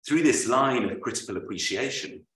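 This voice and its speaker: A man, an author, reading a prepared lecture aloud at a book launch, with measured, dryly witty delivery. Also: mid-range voice, animated, fairly bright tone. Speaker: author presenting his book. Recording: roomy, voice from far off.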